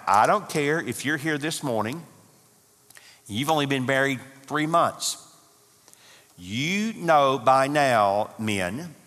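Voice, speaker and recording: A man's voice: medium pitch, fairly bright tone. Folksy man in his sixties, hall echo. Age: 60s. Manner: folksy, humorous, emphatic with repetition. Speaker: seminary professor speaking at a marriage conference. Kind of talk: conference talk to couples. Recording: long hall reverb.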